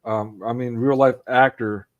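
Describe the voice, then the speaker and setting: The sound is lo-fi as a man in his forties co-hosts a casual video-call discussion in a mid-range voice, fairly even in intonation and a touch slow. He talks with real earnestness, becomes emotionally charged, and often begins his sentences again.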